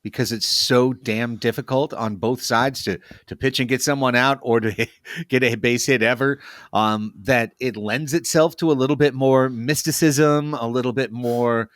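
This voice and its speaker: A man's voice: medium pitch, normal speed, a bit bright, dry recording, clean studio sound. A man co-hosting a casual baseball podcast, telling stories and reasoning aloud. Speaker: podcast co-host.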